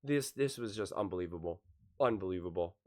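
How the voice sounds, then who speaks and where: A man giving casual, excitable basketball commentary, emphatic and repeating himself, his voice sore from screaming. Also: deep voice, brisk.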